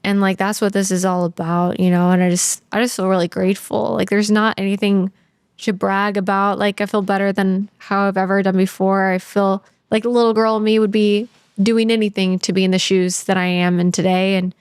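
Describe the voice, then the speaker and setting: A woman's voice: mid-range voice, little pitch movement, brisk, smooth, dry recording. A woman in her thirties, a podcast guest, talking candidly and earnestly about her life, close to tears, with many "like"s. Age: 30s. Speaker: podcast guest, sales trainer. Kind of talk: candid interview talk.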